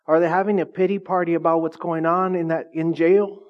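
A man's voice: high voice, steady tone, moderate pace, few pauses. Middle-aged male pastor, chatty sermon, asks the congregation questions, slightly raised voice, dull lo-fi recording. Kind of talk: lively conversational sermon. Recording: dull lo-fi sound.

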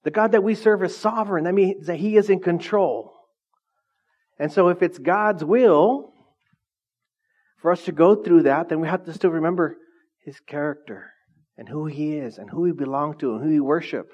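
A man's voice: fairly high pitch, normal speed, a little mellow. Man preaching a chatty sermon. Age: middle-aged. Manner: asks the congregation frequent questions. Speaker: pastor. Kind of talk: lively conversational sermon. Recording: dull lo-fi sound.

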